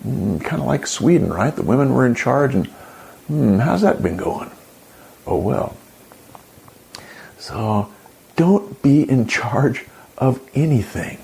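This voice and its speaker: Male commentary host, gravelly and sarcastic, with a lively, animated delivery. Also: medium pitch, slow pace, pauses often. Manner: indignant, exclaiming, sarcastic. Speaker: channel host. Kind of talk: opinion commentary.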